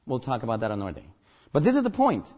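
A man's voice: medium pitch, wildly swooping pitch, fast, a little mellow. A man from Guatemala with a Guatemalan accent, a native Spanish speaker, preaching a sermon as pastor, emphatic and joking.

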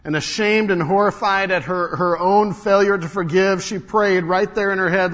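A middle-aged male pastor preaching with a fairly high voice. He tells stories and swings from raised, emphatic lines down to hushed ones. His voice carries a long reverb from the church hall. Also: steady tone, normal speed, few pauses. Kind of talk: sermon.

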